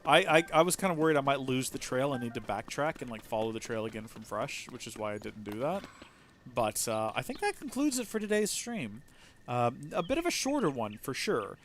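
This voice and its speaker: A man's voice: mid-range voice, very animated, fairly quick, fairly bright tone. A man giving casual, rambling commentary while livestreaming a video game, musing aloud and often restarting his sentences. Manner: rambling, chatty, muses aloud with frequent restarts. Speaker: let's play streamer.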